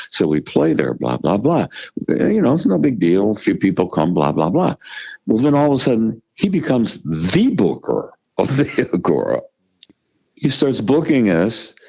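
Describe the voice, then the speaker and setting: Gravelly older man telling blunt stories. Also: medium pitch, dark tone, highs cut off. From United States. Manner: profane, emphatic, restarts and repeats words. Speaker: musician guest. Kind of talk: storytelling interview.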